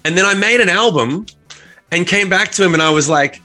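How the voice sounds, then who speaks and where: A man's voice: sits high, a little fast, pushed and bright, faint music behind. An Australian man co-hosting a podcast, telling long rambling stories in a casual chat and swearing freely. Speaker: podcast co-host.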